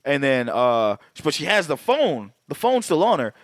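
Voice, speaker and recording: A man's voice: a little high, very animated, normal speed, no echo, studio quality. Profane, laid-back male podcast co-host. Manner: loose, profane, laughing recaps. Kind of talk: casual chat.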